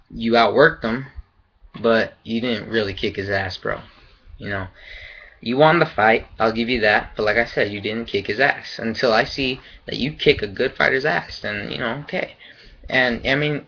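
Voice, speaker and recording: A man's voice: mid-range voice, sharp tone, lo-fi sound. A man giving a casual, rambling fight review, loose and profane in his opinions. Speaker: boxing vlogger.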